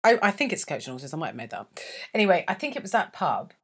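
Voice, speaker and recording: A middle-aged woman co-hosts a casual comedy podcast. Her pitch swings widely as she tells stories, and she laughs often and drops into silly put-on voices. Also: big pitch swings, quick pace, a bit bright, breathy edge. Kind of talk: casual chat.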